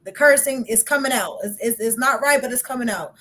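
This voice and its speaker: A woman's voice: a little high, a little fast, fairly bright tone. A young woman hosting a podcast in casual chat, talkative and laughing often, with many "like" fillers. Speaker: podcast host.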